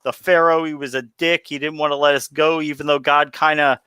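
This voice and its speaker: A man's voice: on the high side, steady tone, brisk, bright, forceful tone, smooth, no echo. A man co-hosting a casual podcast chat, sarcastic and argumentative. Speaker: podcast co-host.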